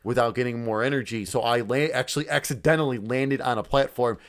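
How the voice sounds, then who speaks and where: A man's voice: mid-range voice, quick pace. A man co-hosting a casual podcast, rambling, swearing freely and acting out his own reactions. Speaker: podcast co-host. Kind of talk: casual chat.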